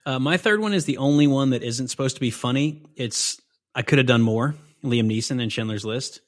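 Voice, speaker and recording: A man's voice: mid-range voice, fairly quick. A man co-hosting a movie podcast, chatting with casual enthusiasm. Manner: enthusiastic, says dude a lot. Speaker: podcast co-host. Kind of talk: casual chat.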